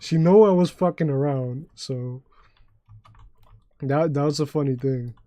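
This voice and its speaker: A man's voice: fairly high pitch, measured pace, mellow. Loose-talking New York man streaming. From New York City. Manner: rambling, profane storytelling with many restarts. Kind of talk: casual livestream chat.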